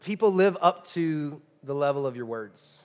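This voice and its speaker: A pastor preaching a conversational sermon, often acting out bits of everyday dialogue as examples. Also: male voice, fairly high pitch, lively intonation, moderate pace, a little mellow, clean tone. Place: church auditorium. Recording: long church-hall reverb.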